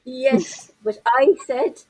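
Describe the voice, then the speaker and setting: Husky high-voiced woman explaining parenting. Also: drawn-out words, poor audio. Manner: animated, gestures with hands while talking. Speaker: parenting coach guest. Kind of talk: interview conversation.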